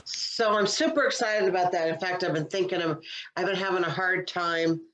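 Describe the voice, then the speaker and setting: A woman's voice: fairly low pitch, normal speed, fairly bright tone, poor audio. A woman co-hosting a comedy podcast, chatting in an upbeat way and trailing off her sentences. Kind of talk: casual chat.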